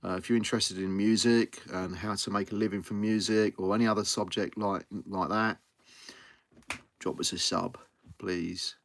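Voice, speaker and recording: A man's voice: on the low side, steady tone, moderate pace, creaky, no echo. A man hosting a live music stream, chatting casually to viewers, thanking them and repeating himself as he talks. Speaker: livestream host.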